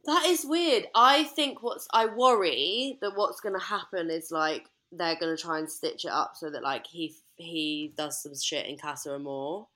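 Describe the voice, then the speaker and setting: A woman's voice: fairly low pitch, moderate pace, few pauses, a bit bright. A young British woman with a fairly posh accent, co-hosting a podcast in casual, blunt chat. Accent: British English, fairly posh. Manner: chatty, blunt, swears freely. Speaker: podcast co-host.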